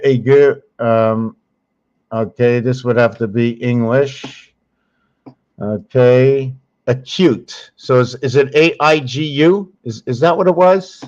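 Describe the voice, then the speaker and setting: Slow, rambling man thinking aloud. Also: medium pitch, muffled recording. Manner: slow, rambling, searching aloud with many pauses and self-corrections. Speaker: channel host teaching on screen. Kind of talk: thinking-aloud screen walkthrough.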